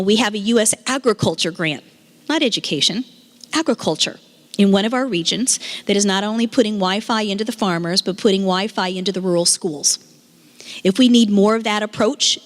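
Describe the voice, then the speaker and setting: A woman giving an earnest public speech at a community meeting, stressing her points by repeating phrases. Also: medium pitch. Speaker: state education official speaking at a meeting. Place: meeting hall. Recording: reverberant meeting hall.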